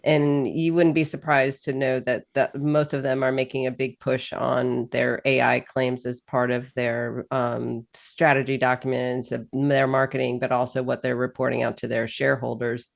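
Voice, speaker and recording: A woman's voice: a bass voice, little pitch movement, normal speed, creaky, few pauses. A woman hosting an interview, talking candidly and bluntly in casual conversation. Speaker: host.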